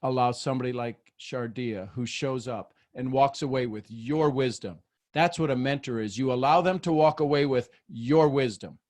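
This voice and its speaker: A man, hosting a group video call as a mentor, animated and goofy, often repeating words as he talks. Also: mid-range voice, normal speed.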